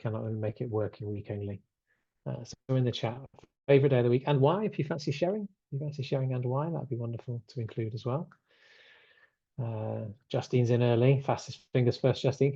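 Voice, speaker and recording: Mellow-voiced man hosting a video call. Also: mid-range voice, dry recording, dull audio. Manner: chatty, reads out chat replies, many fillers. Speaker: webinar host. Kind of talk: casual chat hosting an online webinar.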